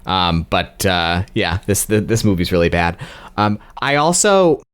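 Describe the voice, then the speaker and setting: A man's voice: low voice, expressive, measured pace, fairly bright tone, clean tone. A man co-hosting a podcast, giving hesitant opinions in casual chat with many fillers and restarts. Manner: hesitant, lots of ums and restarts. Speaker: podcast co-host. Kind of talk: casual movie-review chat.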